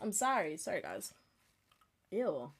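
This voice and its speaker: A woman in her twenties hosting a casual solo podcast, telling stories with animated, acted-out reactions and frequent laughs. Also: fairly low pitch, slow, slightly rough. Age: 20s. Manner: animated storytelling, acts out reactions, laughs often. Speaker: podcast host.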